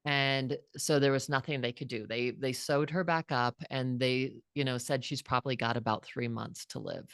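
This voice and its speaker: A woman in her fifties, appearing as a guest author, tells a personal story with heartfelt earnestness and reflection, often restarting her sentences. Her voice is rumbling low, steady, clear and resonant at normal speed, recorded dry with clean studio sound.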